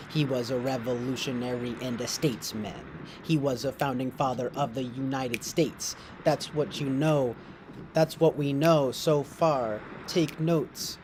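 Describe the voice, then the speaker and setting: A man's voice: mid-range voice, measured pace, noisy background. A young man streaming from his couch at home. He rambles and jokes with profanity, laughs often and improvises silly raps. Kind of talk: rambling late-night stream chatter.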